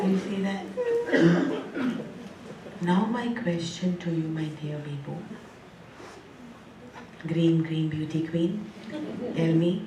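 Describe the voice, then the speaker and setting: A woman delivers a spiritual discourse at an unhurried pace, teasing and laughing with her listeners and repeating words in rhythm. Her voice comes from some distance in a roomy, echoing hall. Faint room ambience hums underneath. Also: on the low side, lively intonation, crowd noise, background noise. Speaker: spiritual teacher. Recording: echoey hall, mic at a distance.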